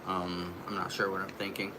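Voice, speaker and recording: A man's voice: deep voice, completely flat delivery, normal speed, background noise. A young man hosting a casual livestream, rambling loosely with fillers and the odd curse. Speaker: livestream host.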